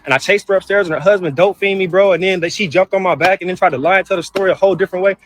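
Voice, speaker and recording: Here a brother from a family feud clip vents furiously about his mother, swearing and repeating himself as faint music plays. His voice is high, a bit bright, and very fast.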